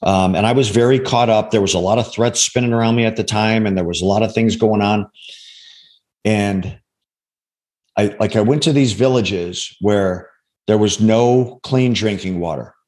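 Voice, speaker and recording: Halting, earnest man in his sixties. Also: fairly low pitch, darkish tone. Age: 60s. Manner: halting, earnest, restarts often. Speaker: interview guest, former undercover agent. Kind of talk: reflective personal storytelling.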